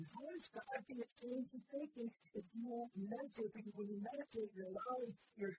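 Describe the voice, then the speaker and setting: A preacher in full sermon flow, stacking phrase on phrase, pushing some lines out hard and letting others sink nearly to a murmur. The recording carries clear, steady background noise under the voice. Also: medium pitch. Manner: repetitive, emphatic phrasing that swells loud then drops soft.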